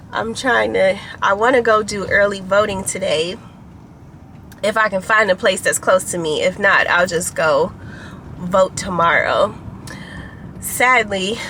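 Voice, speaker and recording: A woman's voice: medium pitch, a bit bright, a little hiss or hum. A woman vlogging casually to a camera on a tripod, chatty and laughing often as she tells stories.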